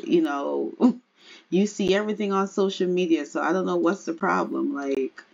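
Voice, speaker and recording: Woman doing a laid-back young dad, lower. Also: moderate pace, creaky, highs cut off. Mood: earnest.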